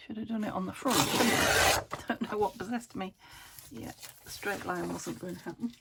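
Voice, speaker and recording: Gravelly-voiced woman muttering as she crafts. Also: medium pitch, normal speed. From United Kingdom. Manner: chatty, muttering to herself, often dropping to a whisper. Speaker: craft vlogger. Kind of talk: casual crafting chat. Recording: noisy home recording.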